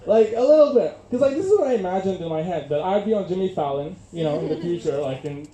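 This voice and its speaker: A young man from Syria with a Syrian Arabic accent doing a self-mocking stand-up set, halting often with fillers. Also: sits high, expressive. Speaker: stand-up comedian. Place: comedy club stage. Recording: echoey club with loud noise, bad audio.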